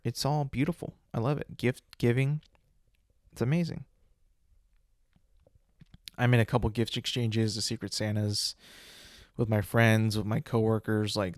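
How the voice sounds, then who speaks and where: A man's voice: medium pitch, no room sound, clean studio sound. A man hosting a solo podcast, ranting bluntly with lots of swearing and repeated words. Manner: blunt, profane, repetitive ranting. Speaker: podcast host.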